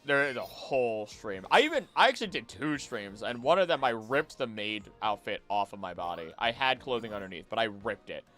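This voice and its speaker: A man chatting casually on a live gaming stream, jokey and animated, talking to the creatures on screen. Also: fairly low pitch, a little fast, few pauses, soft background music. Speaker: streamer and voice actor.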